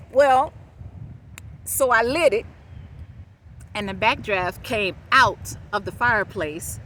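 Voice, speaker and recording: Animated woman telling a story outdoors. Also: mid-range voice. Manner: animated, laughs often, talks straight to viewers. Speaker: vlogger telling a personal story. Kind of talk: casual storytelling to camera. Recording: outdoor noise with passing traffic. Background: outdoor ambience and vehicles.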